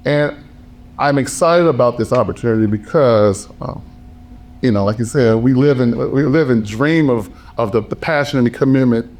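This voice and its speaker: Male panel speaker, hoarse from a lost voice, emphatic and driven, mid-range pitch. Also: normal speed, darkish tone. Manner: passionate, emphatic, repetitive phrasing. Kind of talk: panel talk.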